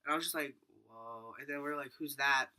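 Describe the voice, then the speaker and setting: A man's voice: on the high side, very fast. A teenage boy telling a rambling storytime vlog, full of fillers and acted-out quotes. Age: teens. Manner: rambling, filler-heavy, animated retelling. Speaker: vlogger.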